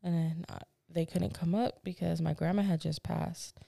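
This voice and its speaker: A woman co-hosting a podcast in casual chat, telling stories in an animated, blunt way, swearing and laughing at herself. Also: lowish voice, normal speed, creaky, no echo, clean studio sound. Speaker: podcast co-host.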